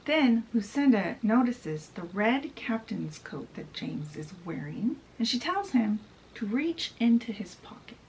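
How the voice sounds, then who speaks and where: A woman's voice: on the high side, sing-song, measured pace, a little mellow, a little hiss or hum, low-quality recording. A woman casually summarizing a fantasy novel in a chatty way, often saying "he's like". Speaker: book reviewer.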